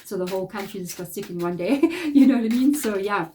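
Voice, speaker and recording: A woman's voice: mid-range voice, animated, fast talker, dark tone, a little hiss or hum. Nasal, stuffy-nosed woman reading tarot. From Africa. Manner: chatty and encouraging, loose rambling sentences. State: stuffy blocked nose, nasal. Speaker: tarot reader. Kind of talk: casual tarot card reading.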